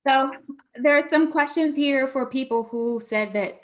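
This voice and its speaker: High-voiced woman moderating a town hall. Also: a little slow. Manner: earnest, reads audience questions.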